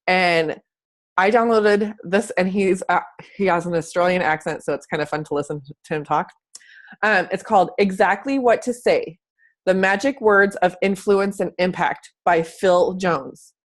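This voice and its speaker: A young adult woman fitness coach giving a chatty, animated coaching talk, acting out people's thoughts as she goes. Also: on the low side, normal speed. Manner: chatty, animated, acts out squealing quoted thoughts. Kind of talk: casual coaching talk to camera.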